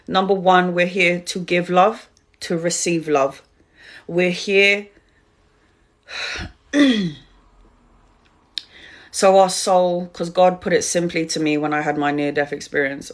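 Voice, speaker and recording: A middle-aged woman, a tarot reader, giving a spiritual talk on a live stream, speaking straight to her viewers with emphatic repetition. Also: on the low side.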